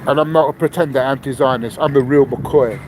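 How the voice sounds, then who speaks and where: A man with a Cockney accent from London, ranting loudly and aggressively, swearing and firing off repeated rhetorical questions into a camera. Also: medium pitch, steady tone, fairly quick, slight background noise, rough recording. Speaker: vlogger. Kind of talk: angry ranting monologue. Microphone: handheld camera.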